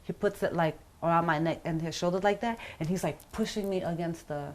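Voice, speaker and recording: A woman's voice: on the low side, fairly quick. A middle-aged woman giving a personal account in an interview, rambling and full of fillers like "you know" and "like", acting out what people said. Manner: rambling, filler-heavy retelling with acted-out quotes. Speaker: interview guest.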